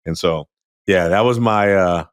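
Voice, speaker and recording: Low-voiced man with a dry close sound. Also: a little slow, dry recording. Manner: animated, acts out remarks to students. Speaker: podcast host, teacher. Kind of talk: casual conversational reflection.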